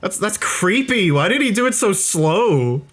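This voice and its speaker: A man's voice: high voice, very animated, measured pace, a bit bright. A man giving casual, rambling commentary on his own let's play through a VR headset mic, self-deprecating and swearing freely.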